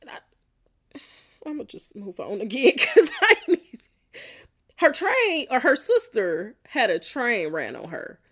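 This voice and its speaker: A woman's voice: a little high, fairly bright tone. A woman hosting a podcast, reacting bluntly and profanely to listener answers, often laughing. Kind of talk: casual reaction chat.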